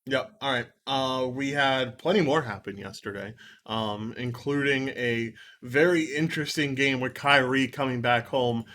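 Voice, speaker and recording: A man's voice: medium pitch, a little slow, fairly bright tone. A man co-hosting a sports show, chatting casually and running through game results with frequent laughs. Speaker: co-host of a sports betting show.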